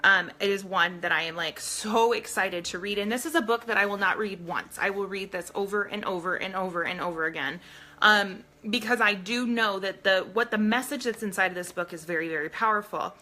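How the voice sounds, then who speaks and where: A woman's voice: mid-range voice, a little fast, pushed and bright. A woman hosting a casual live stream, talking earnestly to her viewers and reading aloud from a book. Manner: earnest, addresses viewers directly.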